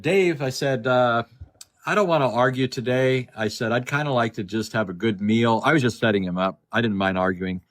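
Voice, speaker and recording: A man's voice: mid-range voice, a bit bright. A man on a phone video call, telling a story in casual talk, with many repeated words and the other speaker's lines acted out. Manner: chatty, repeats words, acts out quoted dialogue. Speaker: guest speaker. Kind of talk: casual storytelling in a live discussion.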